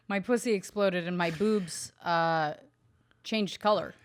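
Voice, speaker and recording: A woman co-hosting a podcast in a studio, chatting casually and ribbing her co-host with deadpan teasing. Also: fairly low pitch, drawn-out words. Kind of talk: casual comedic chat.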